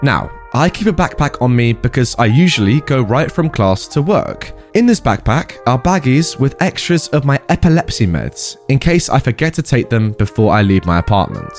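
A man reads stories and chats about them in a lively, animated voice. He sounds incredulous in his commentary, and soft music plays underneath. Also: mid-range voice, moderate pace, few pauses. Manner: chatty, incredulous. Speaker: story narrator.

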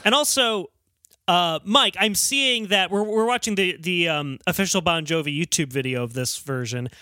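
Man, podcast co-host, hesitant, amused, bright voice, dry sound. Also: high-pitched, normal speed, no room sound. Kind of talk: casual podcast chat.

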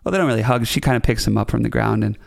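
A man's voice: mid-range voice, expressive, racing, vocal fry. A man hosting a comedy podcast, telling a rambling story in a playful way and correcting himself as he goes. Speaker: podcast host. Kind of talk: comic storytelling.

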